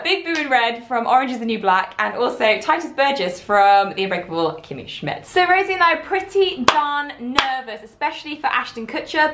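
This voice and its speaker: Playful, high-voiced young woman. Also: background noise. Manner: jokey, playful, animated. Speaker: vlogger. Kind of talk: casual vlog chat.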